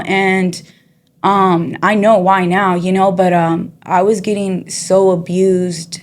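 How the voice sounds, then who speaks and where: A woman guest shares her testimony, telling her life story in a low, darkish voice. Her speech is casual, chatty and streetwise, full of "you know" and "girl", and she acts out the people she describes.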